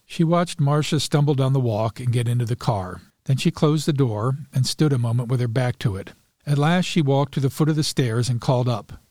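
Man, podcast narrator, measured storytelling, mid pitch, dry close sound. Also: darkish tone, dry recording. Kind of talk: scripted narration.

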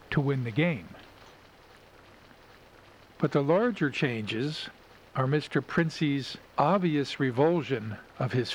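Male podcast host, measured and analytical, faint hiss behind. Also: mid-range voice. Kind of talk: story review and reading.

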